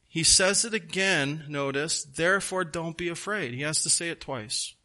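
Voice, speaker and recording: Man preaching, bright, slightly high voice, emphatic stresses. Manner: emphatic, slows and stresses key words; folksy asides. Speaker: pastor. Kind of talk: sermon.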